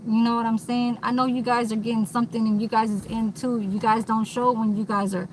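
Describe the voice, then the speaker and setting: A woman's voice: a little high, little pitch movement, fairly quick, slight background noise, rough recording. A woman vlogging in a candid, rambling monologue, blunt and swearing freely, recorded inside a vehicle.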